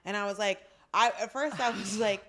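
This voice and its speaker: A woman co-hosting a podcast in casual chat, chatty with playful asides and quick reactions. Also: mid-range voice, a bit bright. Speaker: podcast co-host.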